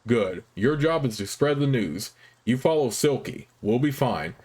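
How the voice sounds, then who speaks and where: Man reading veteran swordmaster, calm, steady, measured, commanding, fantasy game. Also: mid-range voice, slightly rough.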